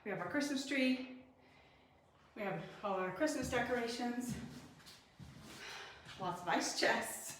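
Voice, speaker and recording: A woman's voice: a little high, animated, unhurried, long pauses, fairly bright tone. Casting: woman vlogger, casual, winded from carrying heavy furniture uphill outdoors, slight hiss in the background. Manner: chatty, laughs often, carrying heavy chairs uphill. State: out of breath. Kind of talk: casual vlog narration. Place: outdoors on a mountain lot.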